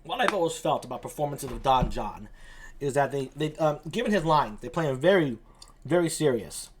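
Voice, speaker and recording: Chatty male streamer with lively pitch. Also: a little fast, noisy background. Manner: chatty, laughing easily, self-correcting. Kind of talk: casual commentary on a play reading.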